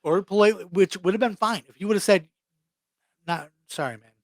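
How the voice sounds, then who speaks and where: A man's voice: sits high, fairly even intonation, fast talker, no echo. A young adult man co-hosting a podcast, ranting bluntly and swearing freely in casual chat. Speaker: podcast co-host.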